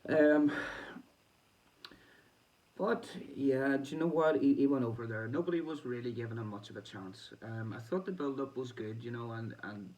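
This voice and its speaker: This boxing vlogger, a man with a Northern Irish accent, speaks at medium pitch and normal speed in a slightly mellow voice. His diary-style vlog is casual and chatty, full of rambling and frequent laughter, recorded on a distant mic with faint background noise.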